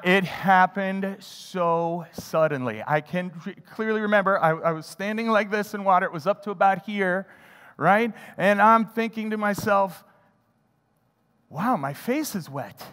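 A man preaching a sermon, telling a childhood story with animated delivery and acting out his own thoughts. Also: high-pitched, big-room sound. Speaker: pastor. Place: church sanctuary.

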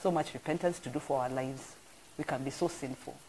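A middle-aged woman with a Kenyan accent, preaching a sermon in an animated storytelling way that swings between loud and soft. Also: very deep voice, a little fast, breathy edge, rough recording. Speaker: pastor. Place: church broadcast.

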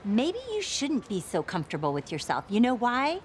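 A woman's voice: fairly high pitch, huge pitch swings, moderate pace, a little hiss or hum. Hot-tempered mother, ranting and taunting, pregnant, film comedy. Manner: ranting, taunting, then flustered apologies.

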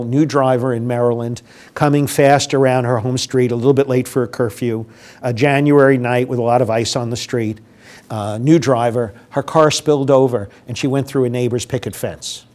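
A man's voice: mid-range voice, fairly even intonation, moderate pace, a little mellow. An older man giving a public lecture on grief to a live audience, speaking conversationally, asking the audience questions and acting out what grieving people say.

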